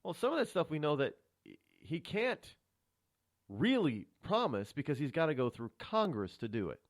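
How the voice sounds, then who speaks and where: A man hosting a radio talk show, rambling through a solo monologue of political commentary with many restarts. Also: normal speed. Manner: rambling, restarts often, animated pitch swings. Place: radio studio.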